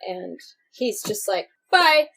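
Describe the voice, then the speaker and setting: A woman co-hosting a podcast, recapping a movie in a giggly, animated way. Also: mid-range voice, moderate pace, rough recording. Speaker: podcast co-host. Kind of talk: casual chat recapping a movie.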